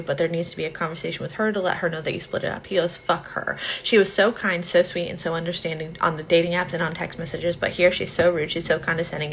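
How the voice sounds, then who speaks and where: Woman server telling a story quick, exasperated, lots of vocal fry, bit of low hum behind. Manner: fast, exasperated retelling. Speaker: restaurant server.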